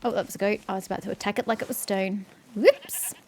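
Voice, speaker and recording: A woman playing a video game and commentating casually, sarcastic and quick to swear, reading the on-screen text aloud. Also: mid-range voice, steady tone, darkish tone, a little hiss or hum. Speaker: let's-play streamer.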